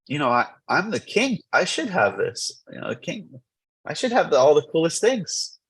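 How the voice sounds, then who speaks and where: A proud, greedy king out of an old tale, put on by a man retelling it. He sounds husky and entitled, boasting about what he is owed. Pitched a bit above an ordinary speaking voice. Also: very animated, normal speed, fairly bright tone, exaggerated voice. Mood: boastful. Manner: boastful, demanding.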